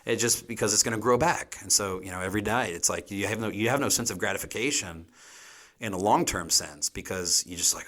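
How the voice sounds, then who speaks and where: A man's voice: low-pitched, fast talker, a bit bright. A man in his thirties, a chef being interviewed, talking casually and rambling with many fillers. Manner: rambling, frequent "you know" fillers. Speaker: chef guest.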